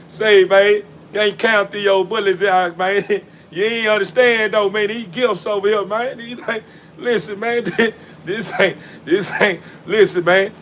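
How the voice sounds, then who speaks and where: High, bright-voiced man laughing between lines. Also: a little hiss or hum. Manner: laughing, repetitive, preachy street talk. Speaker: dog breeder. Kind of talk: casual vlog while bathing a dog. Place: outdoors in a yard.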